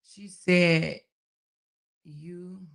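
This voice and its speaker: Speaking very slowly in a lowish, creaky, steady voice, this woman runs an informal livestream. She goes through viewer comments with folksy warmth, laughing often and calling her audience baby, child and honey.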